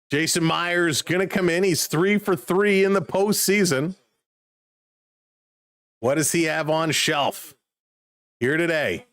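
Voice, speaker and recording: A man casually calling football play-by-play on a live stream, chatting excitedly with viewers. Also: a little high, no echo.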